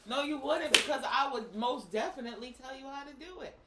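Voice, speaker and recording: A woman from Boston with a Boston accent, co-hosting a casual food-and-talk show, animated and quick to laugh, tossing in Spanish exclamations. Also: high voice. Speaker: co-host. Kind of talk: casual mukbang chat. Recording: roomy with faint noise.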